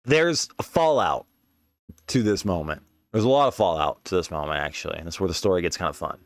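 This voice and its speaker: A man's voice: sits low, animated, brisk, dry recording. A man telling a long personal story in casual, slangy speech, swearing freely and often asking "you know what I mean.". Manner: rambling, profane, slangy; leans on filler tags. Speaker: podcast host.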